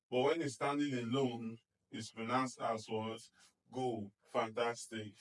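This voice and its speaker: Man sounding out phonics slowly. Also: medium pitch, fairly even intonation, recorded from a distance, rough recording. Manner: sounds out letters slowly, praises often with "fantastic"; checks in with repeated "okay?" and "do you understand?". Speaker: reading teacher. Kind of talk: phonics lesson.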